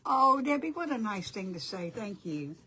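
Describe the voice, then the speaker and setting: A woman's voice: mid-range voice, big pitch swings, moderate pace, pushed and bright, slight background noise. An older woman hosting a casual crafting livestream, chatty and apologetic as she greets viewers by name.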